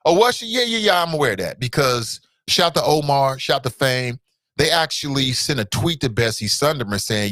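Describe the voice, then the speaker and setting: A man hosting a talk show in a casual, animated way, swinging his pitch up and down. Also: normal speed, no room sound, studio quality.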